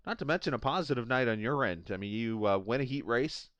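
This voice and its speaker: A man hosting post-race interviews on an esports racing stream, joking and laughing easily between questions. His voice is clean and smooth, recorded dry and close. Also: medium pitch, expressive, quick pace, a bit bright, no room sound, muffled recording. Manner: jokey, laughs often, many "uh" fillers. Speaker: esports racing broadcast host interviewing drivers.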